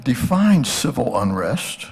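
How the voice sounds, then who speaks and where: Older man, gravelly, husky lecturing voice. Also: medium pitch, big pitch swings, slow pace, darkish tone. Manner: asks the audience rhetorical questions. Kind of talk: conversational history lecture.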